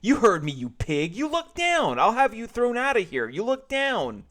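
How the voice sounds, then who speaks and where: A man reading aloud and voicing an indignant woman cashier who scolds and accuses in a shrill tone. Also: wildly swooping pitch, moderate pace, a bit bright, heavily acted. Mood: accusing.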